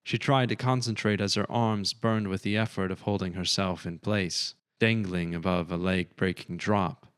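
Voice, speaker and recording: A man narrating a science fiction audiobook in a steady, measured way. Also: sits low, smooth, no room sound, clean studio sound. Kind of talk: scripted narration.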